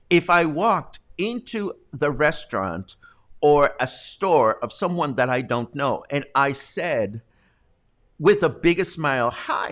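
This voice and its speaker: A man's voice: mid-range voice, fairly bright tone. A man hosting a local talk show, casually explaining slang with jokes and asides. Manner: chatty, joking, explains slang.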